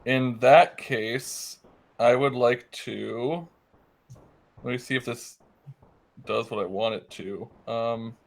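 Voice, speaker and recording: A man's voice: medium pitch, steady tone, takes it slowly, gravelly, pauses often. A man playing a tabletop game, talking through his turn with a lot of hesitation. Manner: hesitant, lots of ums while deciding. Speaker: player. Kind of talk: casual tabletop game talk.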